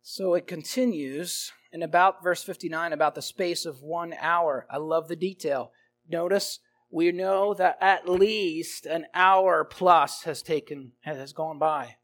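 A man's voice: fairly high pitch, measured pace, fairly bright tone. A man preaching an expository sermon, emphatic, swelling and dropping in volume and repeating his phrases.

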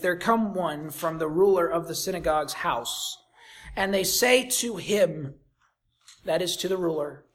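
A pastor preaching a sermon, reading scripture aloud and swinging dramatically from soft to loud with rhetorical questions. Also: mid-range voice. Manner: reads scripture in King James wording.

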